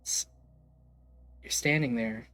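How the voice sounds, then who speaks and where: Rambling game master, full of fillers. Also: male voice, medium pitch, takes it slowly, fairly bright tone. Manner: hesitant, lots of fillers, casual swearing. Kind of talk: narrating a tabletop game.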